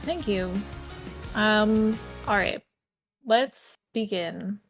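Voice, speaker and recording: A woman co-casting an esports match in a relaxed, easygoing way with many filler sounds. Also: medium pitch, very slow, soft background music. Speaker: co-caster. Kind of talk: esports commentary chat.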